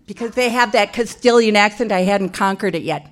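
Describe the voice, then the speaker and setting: A middle-aged woman from Wisconsin, telling a comic personal story in an animated, self-mocking way. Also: brisk, hardly any pauses. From Wisconsin, USA. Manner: animated, self-mocking, jumps into loud high quoted voices.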